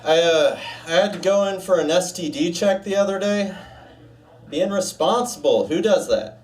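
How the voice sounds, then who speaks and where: A young man doing a deadpan stand-up set with dark jokes, putting on a gruff low voice for a doctor. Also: moderate pace, distant mic. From United States. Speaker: stand-up comedian. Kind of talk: stand-up set at open mic. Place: small bar stage.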